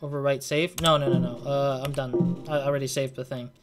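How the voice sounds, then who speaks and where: A man's voice: medium pitch, little pitch movement, a little fast, loud music behind the voice. A young man casually commenting on a game he is playing, thinking aloud in a rambling way and leaning on fillers. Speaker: let's play gamer.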